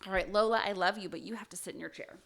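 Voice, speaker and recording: A woman co-hosting a casual true crime podcast races through a story, her medium-pitched voice creaky, with a loud crowd in the background. She's chatty and jokey, saying "um" and "like" a lot as she reads quotes and figures from her notes.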